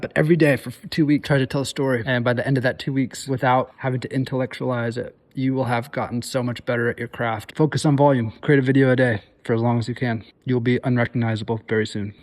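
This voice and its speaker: A man's voice: medium pitch, darkish tone. A man filmmaker in a casual vlog, talking loosely with many fillers and pushing the viewer on. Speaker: filmmaker giving advice.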